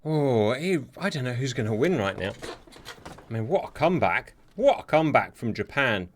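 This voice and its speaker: A man commentating on a simulated air and sea battle, excitable and sarcastic, talking straight to his viewers. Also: medium pitch, moderate pace. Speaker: war game commentator. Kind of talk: live gameplay commentary. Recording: steady hiss behind the voice.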